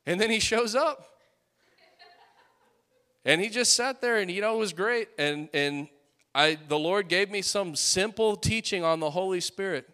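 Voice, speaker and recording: A man in his late twenties preaching a sermon with fiery, rising peaks and quieter storytelling asides. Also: high voice, measured pace, pauses often. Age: late 20s.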